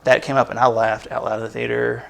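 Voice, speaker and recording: A man with a gravelly, creaky voice rambles through a relaxed podcast chat. He piles on fillers and restarts as he talks, loose and conversational. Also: mid-range voice, quick pace. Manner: rambling, chatty, with many fillers. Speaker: podcast co-host and producer. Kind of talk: casual chat.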